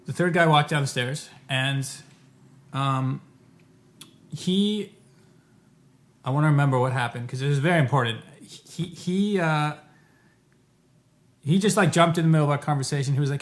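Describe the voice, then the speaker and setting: A man casually telling a travel story to camera, rambling and correcting himself as he goes, with lively bursts when he quotes people. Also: a little high, normal speed, pauses often.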